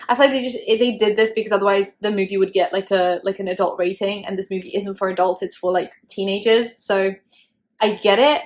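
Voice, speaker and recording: A woman's voice: medium pitch, steady tone, fairly quick. Chatty young woman reacting to a movie. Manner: chatty, opinionated, lots of "like". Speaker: YouTuber host. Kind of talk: casual movie reaction commentary.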